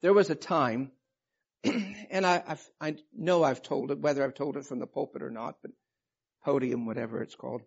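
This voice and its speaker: A man's voice: moderate pace, gravelly, slightly rough. A man in his fifties preaching a sermon, telling a personal story with emotion and reading scripture with rising passion. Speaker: pastor. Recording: muffled low-fidelity recording.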